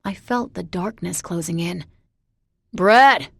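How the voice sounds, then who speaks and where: A woman reads a novel aloud in the first person, measured and introspective. Her pace is slow and her voice sits fairly low, in a dry, close recording. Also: steady tone, gravelly, dry recording. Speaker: audiobook narrator. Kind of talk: first-person audiobook narration.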